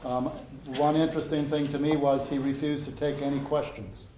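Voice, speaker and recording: A man's voice: a little high, normal speed. Man moderating in an echoey lecture room. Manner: relaxed, with uh fillers. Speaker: event moderator. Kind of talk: announcements and moderating. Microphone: no microphone, room recording. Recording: echoey room with faint noise.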